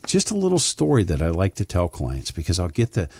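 A middle-aged man with a very low voice that rises and falls in a lively way as he tells a folksy story. He repeats words as he restarts his sentences. His voice is recorded close and dry. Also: fairly quick, gravelly, slightly rough, dry recording. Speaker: financial advisor guest. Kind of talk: casual chat with storytelling.

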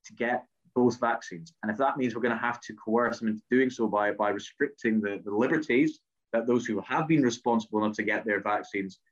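A man's voice: lowish voice, a little fast. Earnest man, muffled sound. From Scotland. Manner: hesitant, repeats words, earnest. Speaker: politician. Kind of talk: interview answers.

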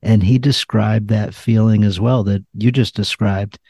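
A man's voice: lowish voice, steady tone, measured pace, warm tone, breathy edge, no room sound. A man hosting a podcast interview, asking questions in an encouraging, conversational way. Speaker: podcast host.

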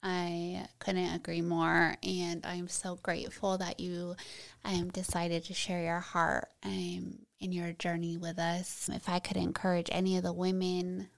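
A woman hosting a podcast, speaking in an earnest, encouraging and deliberate way. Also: on the low side, completely flat delivery, vocal fry. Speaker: podcast host. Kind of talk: warm podcast interview.

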